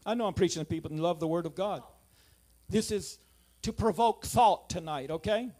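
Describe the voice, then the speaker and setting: A man preaching a sermon, telling a family story, then driving home points with loud emphasis and quiet asides. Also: high-pitched, moderate pace. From South Louisiana.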